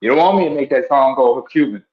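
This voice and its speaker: Animated man telling stories. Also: medium pitch, quick pace, muffled recording. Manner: animated storyteller acting out voices. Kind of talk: casual podcast chat.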